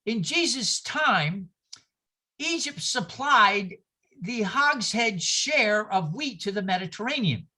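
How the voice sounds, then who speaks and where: An older man from New York leads a class over a video call. His voice is bright and ringing, and his pitch swings widely as he talks. He is animated and digressive, slipping into anecdotes and asides. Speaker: minister teaching a class.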